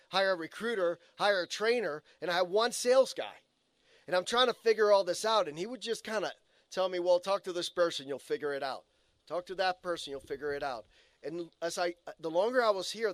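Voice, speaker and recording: Male eulogist, higher pitch, storytelling tone, dry recording. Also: a bit bright, dry recording. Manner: earnest storytelling with quoted asides. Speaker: eulogy speaker, colleague. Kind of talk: memorial eulogy. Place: funeral home chapel.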